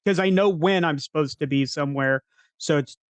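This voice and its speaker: A man's voice: a little high, brisk, no room sound. A man playing a tabletop role-playing game, methodically explaining what his character does. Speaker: player.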